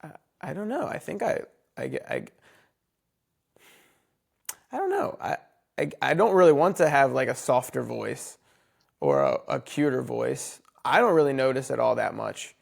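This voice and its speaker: A man with an American accent, hosting a casual interview and thinking aloud in halting, restarting sentences. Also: mid-range voice, very animated, vocal fry. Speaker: host.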